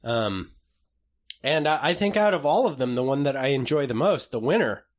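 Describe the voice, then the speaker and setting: A man co-hosting a podcast, talking in a lively, bouncing voice that rises and falls a lot. He is casual and jokey, reading sponsor spots with playful enthusiasm. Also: medium pitch, moderate pace. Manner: animated, jokey, slips into put-on voices. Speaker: podcast co-host. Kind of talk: casual chat.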